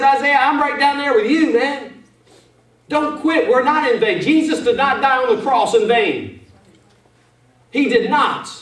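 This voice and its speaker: High-pitched preaching pastor in an echoey church. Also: male voice. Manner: fervent preaching, calls out to the church. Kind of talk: sermon. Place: church sanctuary. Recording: echoey church room, mic at a distance.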